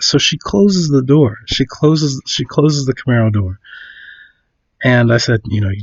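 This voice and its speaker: A man's voice: medium pitch, animated, measured pace, pauses often, muffled recording. A man casually telling a story, full of fillers and restarts, acting out other people's lines.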